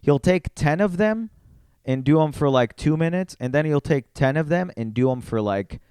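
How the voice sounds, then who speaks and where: Smooth-voiced man telling a story. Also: a little high, normal speed, no echo. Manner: animated storyteller, heavy use of "like". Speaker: comedian. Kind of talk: casual podcast chat.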